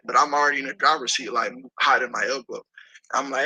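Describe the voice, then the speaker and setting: A man tells a story in a casual interview with a husky, strained voice. His tone is piercing and tense. He talks in an animated, profane way and acts out the people he quotes. The sound is dry and close. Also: medium pitch, fast, no echo, rough recording. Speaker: interview guest.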